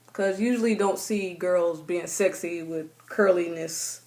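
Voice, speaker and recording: A young woman, chatting casually to her camera and acting out her own thoughts in playful voices. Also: on the high side. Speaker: vlogger.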